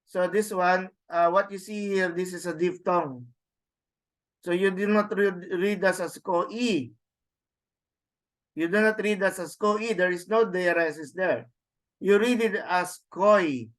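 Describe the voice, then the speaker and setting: A man lectures a Greek class over a video call, speaking slowly and haltingly with frequent restarts. His voice sits a little high for a man. He walks students through the material step by step. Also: steady tone. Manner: halting, many restarts and fillers; slow, explains step by step. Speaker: Greek teacher.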